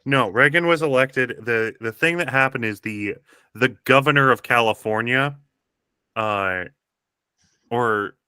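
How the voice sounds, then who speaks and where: Male player, bright tone, rambling delivery, dry mic. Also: medium pitch, unhurried, clear, resonant tone, no echo. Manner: rambling with restarts, chuckling. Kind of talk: tabletop role-play.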